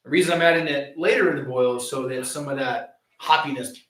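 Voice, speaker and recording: A man co-hosting a home brew stream, calmly explaining his recipe step by step. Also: mid-range voice, fast talker. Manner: easygoing, explains step by step with fillers. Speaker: homebrewer co-host of a live stream. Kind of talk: casual explaining chat. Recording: echoey and distant, light hiss.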